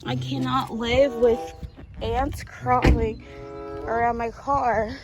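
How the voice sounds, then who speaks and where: A young woman vlogging casually to her viewers from her car, expressive and exasperated, calling them y'all. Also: a little high, slow pace. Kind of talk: casual vlog talk to camera. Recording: background music under voice.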